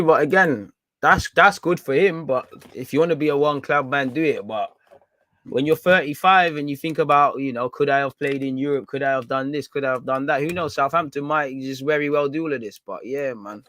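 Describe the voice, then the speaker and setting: A man's voice: mid-range voice, a little fast, a bit bright, no echo. A man hosting a fan live stream, chatting casually in slang and reading out viewer comments. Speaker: fan channel host.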